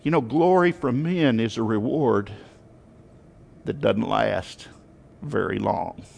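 A man preaching a sermon to his congregation, telling a story with emphatic, animated rises in his voice. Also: fairly low pitch, takes it slowly, gravelly, big-room sound.

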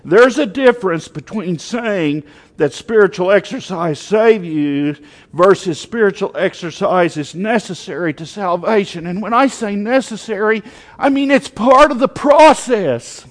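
A man preaching a sermon to his congregation, telling a story with emphatic, animated rises in his voice. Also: sits high, measured pace, in a large hall.

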